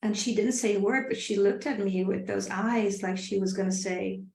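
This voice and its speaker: A middle-aged woman telling a personal story on a live stream, earnest and reflective, often repeating her phrases and sometimes dropping to a soft, quiet voice. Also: medium pitch, fairly even intonation, normal speed. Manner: drops to a soft, quiet voice at times. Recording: roomy echo.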